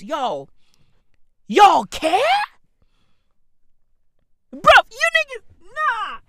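A man ranting on his podcast, slow and drawn out, mocking and swearing, one question after another. His voice is bright and sharp, recorded close and dry. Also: very high-pitched, very animated, no echo. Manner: profane, mocking, repetitive ranting with rhetorical questions. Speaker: podcast host. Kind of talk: comedic podcast rant.

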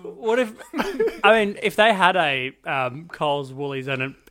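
A man in a casual chat, telling a story that wanders and is broken up by frequent laughs. His voice sits a little higher than most men's. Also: animated, normal speed, bright, forceful tone. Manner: rambling storyteller who laughs often mid-sentence. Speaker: podcast co-host.

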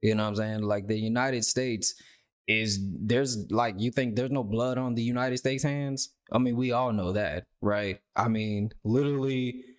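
Male podcast host, casual commentary, rambling and profane, mid-range pitch. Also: clear, resonant tone. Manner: rambling, profane, repeats words, voices imagined people with a raised pitch.

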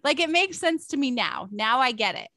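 A woman's voice: high-pitched, expressive, moderate pace, bright, forceful tone, dry recording. A young woman with a Californian accent chatting casually, telling stories, laughing a lot and saying dude and like often. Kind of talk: casual chat.

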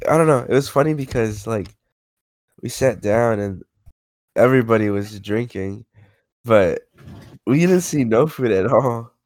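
A man's voice: mid-range voice, animated, a little slow, long pauses, darkish tone, no room sound, studio quality. A man co-hosting a podcast, chatting casually in loose, profane slang. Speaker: podcast co-host. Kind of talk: casual chat.

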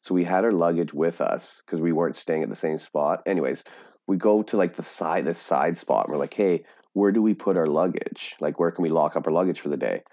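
A man's voice: low-pitched, fairly quick, warm tone. A man in his thirties telling a story in casual chat, laughing often and putting on other people's voices. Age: 30s. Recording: dull lo-fi sound.

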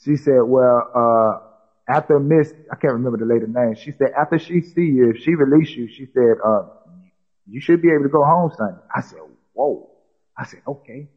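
A man's voice: mid-range voice, normal speed, husky, phone-quality sound. A man from South Carolina, a podcast guest recounting a personal story and quoting others with many "she said" tags. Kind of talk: storytelling in conversation.

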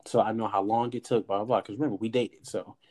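In a laid-back podcast conversation, a man shares a personal anecdote with lots of energy, performing the quoted lines and cursing now and then. His voice is fairly low and his pace is quick.

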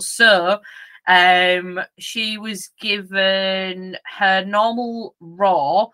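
Woman podcasting, bright voice, acts out bits of the story, laughs a lot. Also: mid-range voice, fairly even intonation, extremely slow. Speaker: podcast co-host. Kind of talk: casual storytelling chat.

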